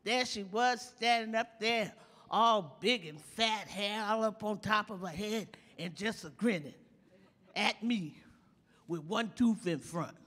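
A woman's voice: mid-range voice, takes it slowly, a bit bright. An actress playing a bawdy older woman comedian, telling teasing stories in a live stage comedy monologue. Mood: gossipy. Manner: bawdy, teasing, drawls and chuckles through punchlines. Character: sassy old woman comedian, bawdy storyteller. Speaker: stand-up comic in a stage play. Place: large theater stage with audience. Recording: long reverb of a large hall.

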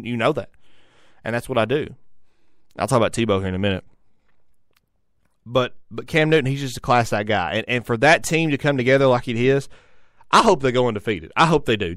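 A man's voice: mid-range voice, a bit bright, clear, resonant tone, no echo, clean studio sound. Rambling man hosting sports radio. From Tennessee. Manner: rambling, frequent restarts and repeated words. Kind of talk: solo sports talk.

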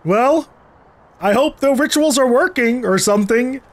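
High-pitched, animated man playing a game. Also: a little slow, slight background noise. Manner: swears often, laughs between lines. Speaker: let's play host. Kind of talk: casual gameplay commentary.

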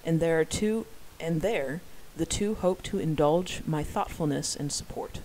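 An amateur narrator reading a first-person novel aloud, dropping wry, self-deprecating asides. The pitch sits in the middle, with a faint hiss behind the voice. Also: a little slow, few pauses, darkish tone, poor audio.

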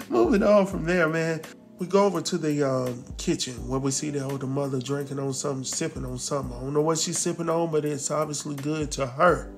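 A man casually recapping a drama episode, acting out the characters' lines and talking back to them. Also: a little high. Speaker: TV recap host.

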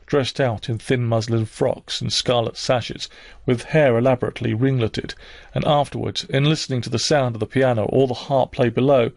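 A man narrating a classic novel as an audiobook reader, measured and unhurried. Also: mid-range voice, a little mellow, no echo, studio quality. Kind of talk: scripted narration.

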